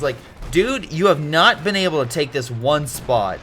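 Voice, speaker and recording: A man's voice: on the high side, animated, normal speed, few pauses, background noise. A man casually commentating a strategy game replay, rambling into history tangents with many fillers and restarts.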